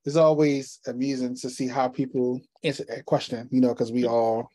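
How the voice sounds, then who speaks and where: A male host with a warm, mellow voice poses long, loosely built questions, leaning on "you know" as he goes. His pitch is medium, and he talks in a relaxed, conversational way. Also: normal speed. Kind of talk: conversational interview.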